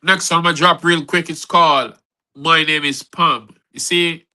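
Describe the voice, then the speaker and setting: Bright-voiced man reciting poetry. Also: a little high, fairly even intonation, measured pace, rough recording. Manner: rhythmic recital with rambling off-the-cuff asides. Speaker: performing poet. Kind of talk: spoken-word poetry reading. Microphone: online event recording.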